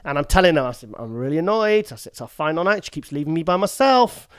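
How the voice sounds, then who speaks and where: A man's voice: on the high side, very animated, fast, smooth, dry recording. A British man, a guest on an interview show, telling a rambling story and acting out the quoted lines. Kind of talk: casual storytelling.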